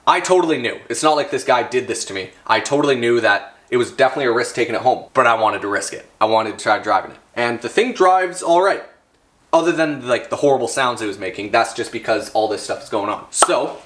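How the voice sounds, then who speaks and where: A man's voice: medium pitch, a little fast. Rambling young guy vlogging about cars. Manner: rambling, excitable, full of fillers and restarts. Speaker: car channel vlogger. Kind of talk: casual vlog talk.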